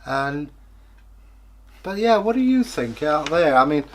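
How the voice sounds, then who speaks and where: A man's voice: on the high side, very animated, a little slow, slight background noise. A man co-hosting a casual comment-reading chat, musing aloud and hesitating with many fillers. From England. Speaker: co-host.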